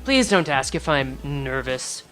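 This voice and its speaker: A woman's voice: very deep voice, very animated, measured pace, a bit bright, faint music behind, voice pushed down, heavily acted. A woman voicing an exhausted, dreary male researcher from a game, with weary, droning, pompous speech.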